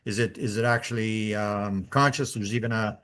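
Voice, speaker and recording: A man's voice: lowish voice, steady tone, normal speed, fairly bright tone, clean tone. Hesitant man hosting a casual chat. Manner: hesitant, many uh and um. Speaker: host.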